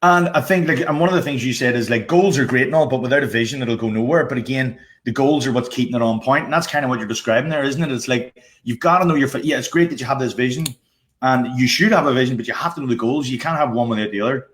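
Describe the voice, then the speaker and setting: A man's voice: mid-range voice, quick pace. A man hosting an interview, talking bluntly and enthusiastically and swearing casually. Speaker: podcast host.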